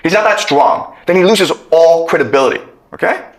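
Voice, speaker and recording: A man's voice: fairly high pitch, lively intonation, moderate pace. A man giving a lecture, telling a story and often checking in with okay. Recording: echoey room.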